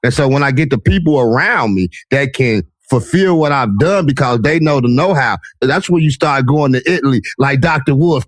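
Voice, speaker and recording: A man's voice: fairly high pitch, no room sound. A man hosting a podcast interview, talking in an emphatic, motivational way. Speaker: podcast host. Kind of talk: casual interview chat.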